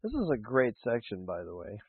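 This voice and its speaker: A man preaching a sermon, reciting affirmations in a slow, deliberate way with long pauses. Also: mid-range voice, wildly swooping pitch, slightly rough, no echo. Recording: dry, phone-like narrow sound.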